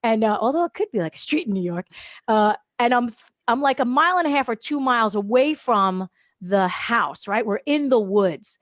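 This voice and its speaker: A woman guest on a radio show, telling a lively story, laughing often and acting out what people said. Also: fairly high pitch, moderate pace, no room sound. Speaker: guest, holistic wellness practitioner. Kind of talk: animated storytelling in a radio interview. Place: radio studio.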